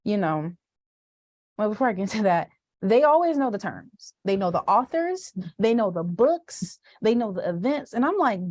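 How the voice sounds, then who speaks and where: A young woman and student teacher talking as a podcast guest in an animated, expressive way, with many "like"s. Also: mid-range voice, moderate pace. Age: young adult. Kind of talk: casual podcast conversation.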